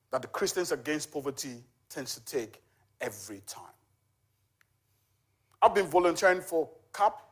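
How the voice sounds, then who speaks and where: In a husky, slightly high voice, a charity volunteer in his forties gives a church testimony. He tells his story conversationally, with "you know" and other fillers cropping up often.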